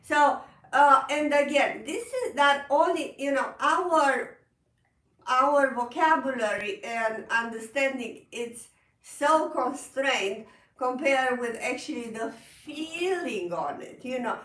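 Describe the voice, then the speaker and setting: Woman piano teacher, high, bright and animated, roomy distant sound. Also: takes it slowly. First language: Italian. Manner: laughs often, animated, repeats words, non-native phrasing. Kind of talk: casual online music lesson. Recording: roomy echo, off-mic.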